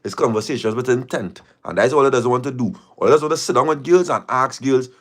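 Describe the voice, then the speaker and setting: Male host, middle pitch, casual and emphatic, heavy on repetition and rhetorical questions. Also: quick pace, fairly bright tone. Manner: emphatic, repeats phrases and fires rhetorical questions. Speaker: live-stream host. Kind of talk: casual live-stream talk.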